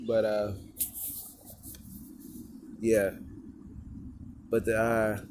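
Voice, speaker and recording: A man's voice: on the low side, monotone, extremely slow, noisy background. A man in a rambling, profane casual monologue who often repeats himself and restarts. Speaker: vlogger.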